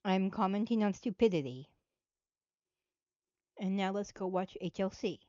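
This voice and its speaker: A woman's voice: medium pitch, animated, a little slow, mellow, dry recording. A woman hosting a casual live commentary, blunt and sarcastic. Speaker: host. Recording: dull dry lo-fi.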